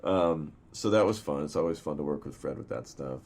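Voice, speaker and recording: Man, film director, very low voice, casual interview chat, rambling, profane, lots of fillers. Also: expressive, a little fast, a little mellow.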